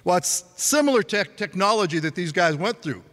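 A man's voice: high-pitched, animated, fairly quick, a bit bright, in a large hall. A male pastor preaching a sermon, telling a story in a chatty way with frequent laughs and restarts.

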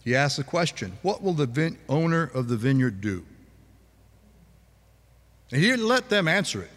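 A man preaching a sermon in a relaxed conversational way, asking the congregation questions. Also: fairly high pitch, normal speed, in a large hall. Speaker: pastor.

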